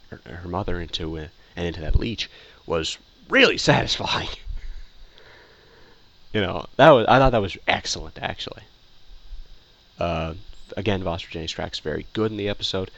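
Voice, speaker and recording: A man's voice: deep voice, a bit bright. A man casually giving a rambling opinion review, full of fillers, restarts and repeated phrases. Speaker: video reviewer.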